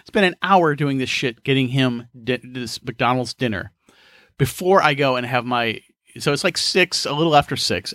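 Lively, bright-voiced man telling profane stories. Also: mid-range voice, dry recording, clean studio sound. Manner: profane, laughing, exasperated. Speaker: podcast host. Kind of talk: rambling personal storytelling.

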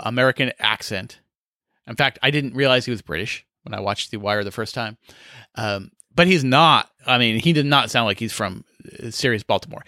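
A man's voice: mid-range voice, bright, forceful tone, no room sound, clean studio sound. A man hosting a solo podcast, talking casually in a rambling, chatty way with lots of fillers, recorded in a small room. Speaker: podcast host.

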